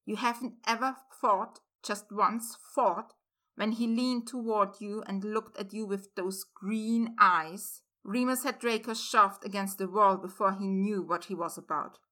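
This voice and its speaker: A woman narrating a story aloud in a slow, measured way. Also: medium pitch, steady tone, bright, forceful tone. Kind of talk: reading fan fiction aloud.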